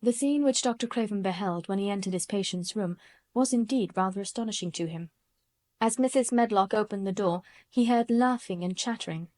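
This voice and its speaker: A woman reading a classic novel aloud in a measured audiobook narration. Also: medium pitch, a little mellow, no echo. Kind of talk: scripted narration.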